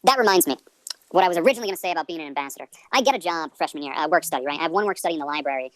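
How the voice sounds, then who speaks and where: A man's voice: on the high side, rapid-fire, fairly bright tone, no echo. A male comedian in his twenties hosting a podcast, rambling through tangents in a self-deprecating way.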